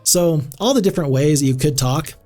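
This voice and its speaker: A male streamer talking through a strategy game in relaxed, neutral speech. He rambles and restarts his sentences often, his voice a bit high. Faint music plays underneath. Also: a little fast. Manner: chatty, rambling, many restarts. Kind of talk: casual live-stream commentary.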